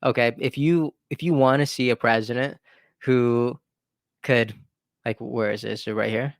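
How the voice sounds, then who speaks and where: A man's voice: medium pitch, steady tone, a little slow, vocal fry, no echo. Man giving casual political commentary, dry sound. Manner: conversational, repetitive restarts, emphatic rhetorical asides.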